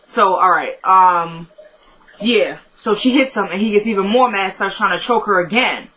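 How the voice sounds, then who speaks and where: A woman with a bright, forward voice recaps a TV episode in a loose, chatty way. She is opinionated and keeps breaking off into quick asides and jokes, as if talking straight to her regular viewers. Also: medium pitch, low-quality recording. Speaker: TV episode reviewer. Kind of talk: casual episode recap with commentary.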